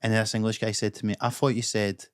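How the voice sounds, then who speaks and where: A man's voice: fairly low pitch, flat delivery, clear, resonant tone, no echo, clean studio sound. Scottish man telling stories on a podcast. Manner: swears freely, quick storytelling. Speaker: podcast co-host. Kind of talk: casual chat.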